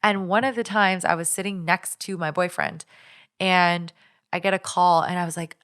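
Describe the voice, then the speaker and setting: Low-voiced chatty woman telling a story. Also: steady tone, normal speed, a bit bright. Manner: chatty, lots of 'like' and restarts, recounting a stalker story. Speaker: podcast co-host. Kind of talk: casual storytelling chat.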